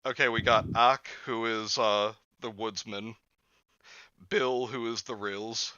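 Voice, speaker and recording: A man joining a casual group read-aloud with joking, animated banter. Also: fairly low pitch, slow, highs cut off, crowd noise. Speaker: co-reader.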